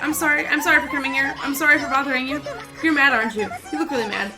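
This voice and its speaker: A woman's voice: high-pitched, fairly even intonation, very fast, over music. A woman voicing a timid, panicky young recluse who stammers out apologies.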